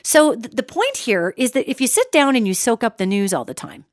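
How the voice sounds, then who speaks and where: A middle-aged woman hosting a solo podcast, talking in an animated, emphatic way and calling her listeners "gang". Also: on the high side, brisk, no room sound, studio quality. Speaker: podcast host.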